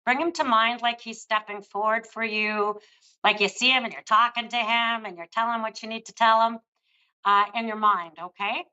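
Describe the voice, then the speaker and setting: A woman's voice: fairly high pitch, steady tone, moderate pace, bright, forceful tone, muffled recording. An older woman giving a psychic reading on a live show, speaking in a soothing, affectionate way to a caller. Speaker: psychic reader.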